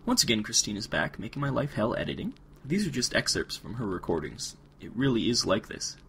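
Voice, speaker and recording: A man putting on a low narrator voice for joking asides between outtakes. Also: sing-song, brisk, creaky, a bit bright, slight background noise, heavily acted. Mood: wry. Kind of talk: scripted comic narration.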